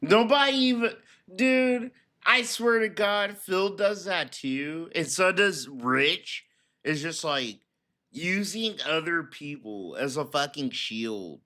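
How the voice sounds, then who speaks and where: A man's voice: on the high side, animated, slow, pushed and bright. A man hosting a reaction stream, mocking a clip in profane, laid-back slang. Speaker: host commentator.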